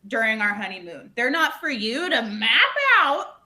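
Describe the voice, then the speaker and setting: A woman's voice: a little high, expressive, a little slow, pushed and bright, heavily acted. Woman playing a flustered, rambling bride. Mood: exasperated. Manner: rambling, flustered, full of fillers. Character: anxious bride planning an island wedding. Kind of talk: live improv comedy.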